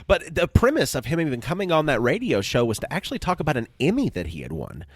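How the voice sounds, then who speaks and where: His voice is fairly high, fast, and husky, with no echo. As a podcast co-host in casual chat, he's an animated storyteller who laughs a lot.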